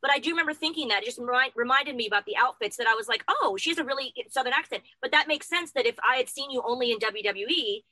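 A woman's voice: on the high side, animated, fast, few pauses, pushed and bright, no room sound, low-quality recording. A woman hosting a casual chat, gushing and rambling with lots of fillers.

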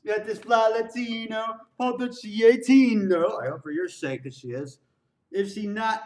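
Excitable male reaction host, high voice, roomy and slightly distant sound. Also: takes it slowly, slight background noise. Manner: excitable, repeats lines back, exclaims and laughs. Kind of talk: casual reaction commentary.

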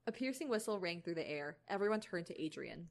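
A young woman narrates a fan story aloud with a somewhat low voice. She is chatty and giggly, now and then tripping over her words. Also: lively intonation, quick pace, vocal fry. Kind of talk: casual read-aloud narration.

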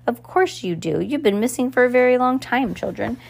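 A woman's voice: fairly high pitch, lively intonation, brisk, creaky, pitched above the performer's own voice. A woman reading aloud and voicing a pompous, coughing middle-aged male banker who scolds and sputters. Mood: scolding. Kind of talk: audiobook character voice.

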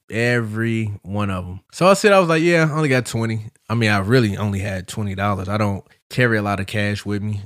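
A man hosting a podcast, telling a travel story in a casual, animated way, swearing freely and acting out what people said. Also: lowish voice, dry recording, studio quality. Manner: profane, animated, quotes people in his story. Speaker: podcast host.

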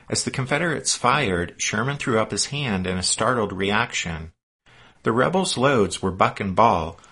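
A man reading scripted historical narration in a measured storytelling manner. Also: lowish voice, sharp tone, breathy edge.

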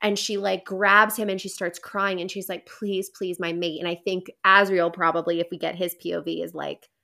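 A woman's voice: lowish voice, flat delivery, brisk, vocal fry, bright, forceful tone. A young woman hosting a podcast, rambling enthusiastically through a casual book recap full of fillers. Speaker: podcast host.

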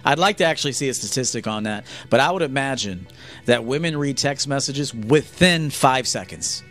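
A male dating coach lectures men on a livestream, bluntly and with plenty of profanity. His voice sits at a middle pitch, with faint music playing under it. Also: animated, moderate pace, fairly bright tone.

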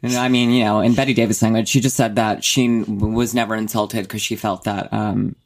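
A woman's voice: rumbling low, steady tone, brisk, a little mellow. A young woman co-hosting a podcast from a bedroom, chatting casually, rambling and swearing with frequent laughs. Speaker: podcast co-host. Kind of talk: casual chat. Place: home bedroom with a radiator.

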